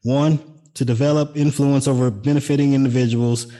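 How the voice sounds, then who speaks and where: A man co-hosting a podcast in a loose, casual way. He reads out news items and drops sarcastic jokes in between, with a voice of ordinary middle pitch. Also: steady tone, brisk, warm tone. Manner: sarcastic, jokey asides. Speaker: podcast co-host. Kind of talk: casual political chat.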